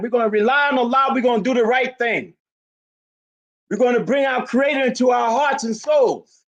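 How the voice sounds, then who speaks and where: This is an elderly man in his eighties delivering a fiery speech at a community rally. His voice sits notably high for a man. He is forceful and emphatic, and he often rises to a shout. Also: highs cut off. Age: 80s. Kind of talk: impassioned public speech.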